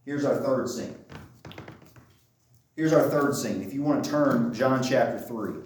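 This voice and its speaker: Conversational preacher in a very echoey room. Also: male voice, mid-range voice, a little slow, a little mellow, slight background noise. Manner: conversational, repeats phrases for emphasis. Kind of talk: sermon. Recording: echoey room, mic at a distance.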